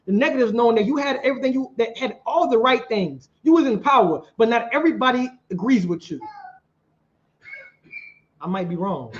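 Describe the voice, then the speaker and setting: Animated high-voiced street preacher, a man. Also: fairly quick, lo-fi sound. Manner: animated, questioning the crowd.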